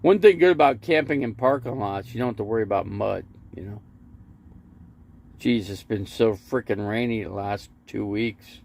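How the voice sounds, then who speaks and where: A man's voice: lowish voice, moderate pace, vocal fry, darkish tone. A man hosting a casual live stream from his RV, rambling between stories and reading viewer comments aloud. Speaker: livestream host. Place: inside an RV parked in a lot.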